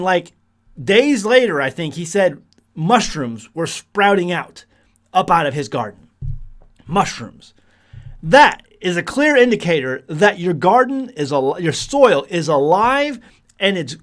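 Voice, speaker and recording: A man with a high, lively voice, chatting casually to the camera as a homesteading vlogger. He rambles along with plenty of restarts and fillers and breaks into chuckles now and then. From United States.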